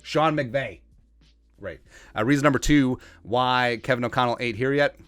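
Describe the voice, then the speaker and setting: Man, sports podcast host, smooth voice, dry close sound, joking and rambling. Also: mid-range voice, fairly quick, fairly bright tone, no room sound, faint music behind. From Asian heritage, Minnesota fan. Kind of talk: comedic sports commentary.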